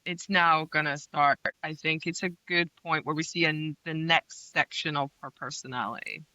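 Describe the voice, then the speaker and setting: Woman running a book chat, asks lots of questions, bright voice, dry close mic. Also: deep voice, steady tone, moderate pace, no echo, muffled recording. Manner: leads discussion with questions, playfully dramatic. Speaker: podcast co-host. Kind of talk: casual book-club chat.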